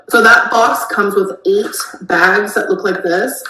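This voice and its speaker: A woman's voice: medium pitch, a little slow, sharp tone. A woman vlogging casually to camera, rambling through everyday updates and product recommendations. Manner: chatty, rambling product talk. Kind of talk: casual vlog chat. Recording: roomy with faint noise.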